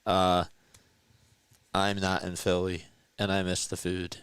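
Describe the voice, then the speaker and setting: A tired man calls a ball game live for his chat, talking slowly between pitches and reading viewer comments aloud. His voice is bright and smooth, close to the mic in a dry room, and it jumps up loudly when a ball gets hit deep. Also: no room sound. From South Jersey, US. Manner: chatty, reads viewer comments aloud, rises to excited calls on big plays. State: tired, yawning. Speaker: play-by-play streamer.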